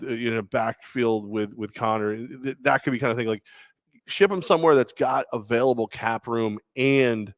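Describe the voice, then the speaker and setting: A man's voice: medium pitch, no room sound, clean studio sound. A man co-hosting a sports talk show, joking and rambling with a self-mocking streak. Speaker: co-host. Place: radio studio.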